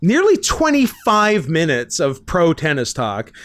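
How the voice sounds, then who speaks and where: A man co-hosting a podcast in casual chat, joking and laughing often in quick banter. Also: on the high side, wildly swooping pitch, a bit bright, no echo. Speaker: podcast co-host.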